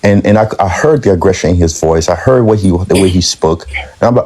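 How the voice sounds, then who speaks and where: A man's voice: low-pitched, a little fast, darkish tone. A man speaking as a guest on a live-stream panel debate, hesitant and repetitive, often restarting his sentences.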